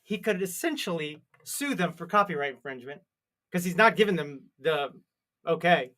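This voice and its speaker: A man's voice: fairly high pitch, expressive, moderate pace, bright, forceful tone. A man co-hosting a casual crypto chat show, teasing his partner and laughing often. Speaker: podcast co-host.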